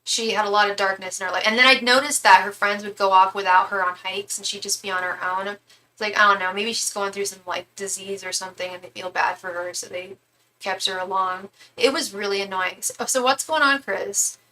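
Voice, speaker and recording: A woman's voice: medium pitch, fairly even intonation, a little fast, sharp tone, slight background noise, low-quality recording. A woman who is a tarot reader, chatting casually and at length during a live-stream reading, with some swearing.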